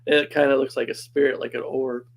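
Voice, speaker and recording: A man's voice: mid-range voice, little pitch movement, fairly quick, slight background noise, rough recording. A man casually telling a personal story as a podcast guest, chatty and laughing often.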